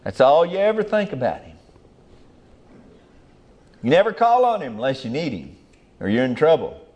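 A man's voice: fairly high pitch, very animated, moderate pace, darkish tone, highs cut off. Older preacher man, folksy and rambling, talkin to his flock. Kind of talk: sermon.

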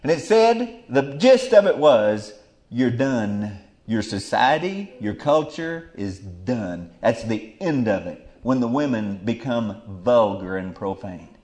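A middle-aged man preaching a fiery Bible sermon. He drops to low murmurs, then bursts into loud exclamations. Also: sing-song, slow.

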